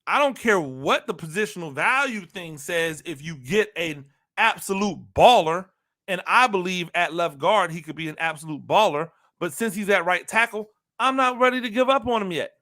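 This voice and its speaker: A man delivers an animated football talk monologue in a high, bright voice. He hammers his points home by repeating phrases and keeps throwing rhetorical questions at his listeners. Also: normal speed. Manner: emphatic, repeats phrases for emphasis; talks to listeners directly, asks rhetorical questions. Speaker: football analyst host.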